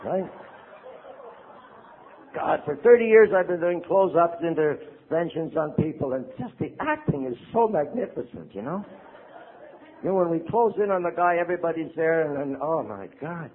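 An older man, a priest, giving a lively recovery talk to an audience, acting out quotes and asking "right?". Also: on the high side, normal speed, phone-quality sound, some chatter behind, a little hiss or hum. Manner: animated storyteller, acts out quotes, asks the audience "right?".

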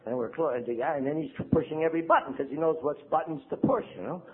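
An older man, a priest, giving a lively recovery talk to an audience, acting out quotes and asking "right?". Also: a little high, quick pace, husky, narrow, tinny audio. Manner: animated storyteller, acts out quotes, asks the audience "right?".

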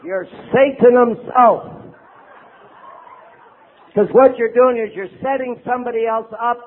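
An older man, a priest, giving a lively recovery talk to an audience, acting out quotes and asking "right?". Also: very high-pitched, a little slow, pauses often, narrow, tinny audio, a faint crowd. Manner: animated storyteller, acts out quotes, asks the audience "right?".

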